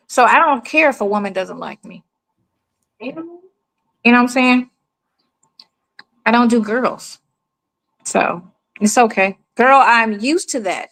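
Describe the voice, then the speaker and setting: A woman's voice: fairly high pitch, low-quality recording. A middle-aged woman from the United States telling stories in casual chat, acting out the people she quotes. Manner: animated storyteller, acts out quoted people.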